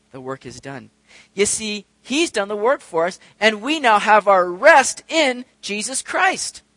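A man delivers a sermon in a high, bright voice. He talks to his listeners in a chatty, conversational way and lifts into emphatic, climbing peaks to make his point. The sound is dry and close, with no room echo. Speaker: pastor.

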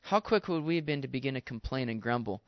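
A man's voice: medium pitch, animated, fast, no echo. A man preaching a sermon in an earnest, exhorting way, talking straight to his listeners. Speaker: pastor. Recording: dull dry sound.

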